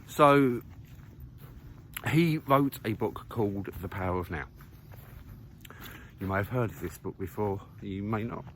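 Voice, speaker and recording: A man's voice: fairly low pitch, a little slow, long pauses, fairly bright tone, slight background noise. A man talking casually while walking outdoors, thinking aloud with lots of fillers and restarts. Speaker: vlogger. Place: outdoors on a muddy countryside walk.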